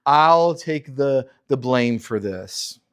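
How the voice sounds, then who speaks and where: A man voicing a doting mother who coddles her grown son in soft, cooing baby talk. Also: mid-range voice, animated, takes it slowly.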